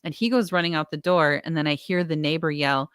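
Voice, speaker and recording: A young adult woman co-hosting a casual podcast, telling a story with lively acted-out quotes. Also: low voice, a little fast, clean tone, dry recording, studio quality. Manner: animated storyteller, acts out quotes. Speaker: podcast co-host. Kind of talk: casual chat.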